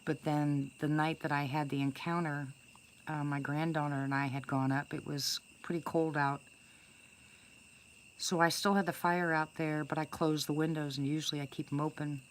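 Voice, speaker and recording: A woman's voice: sits low, flat delivery, normal speed, a little hiss or hum. An older woman casually telling a first-person story to her viewers, chatty and rambling, with many restarts and fillers. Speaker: storyteller greeting live viewers.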